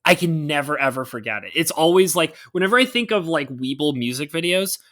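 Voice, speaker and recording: A man hosting a podcast, chatting casually in an excitable, rambling way. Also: on the high side. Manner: excitable, rambling, quick to laugh. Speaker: podcast host.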